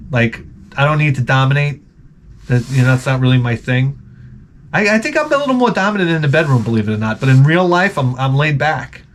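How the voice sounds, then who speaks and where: A man with a mid-pitched voice who gives advice in a blunt, rambling way. He curses freely, stumbles and restarts his sentences, and talks in the loose tone of a crude comedic monologue. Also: fairly bright tone. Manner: reads viewer letters aloud and then reacts to them. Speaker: advice show host.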